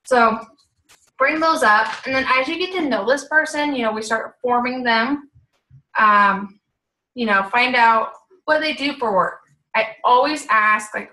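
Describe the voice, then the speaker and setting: A young woman talks casually about coaching, in a chatty, upbeat way with lots of "um" and "you know". Her voice is quite high and very bright. The room gives it a clear echo. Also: moderate pace. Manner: chatty and upbeat, many fillers, acts out messages in a bright voice. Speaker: health coach.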